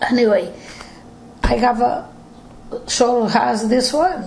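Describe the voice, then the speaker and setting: A woman's voice: on the high side, takes it slowly, gravelly, a little hiss or hum, low-quality recording. An older woman with a Portuguese accent, telling her family history in broken English during an interview at home. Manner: broken English, animated storytelling with acted quotes.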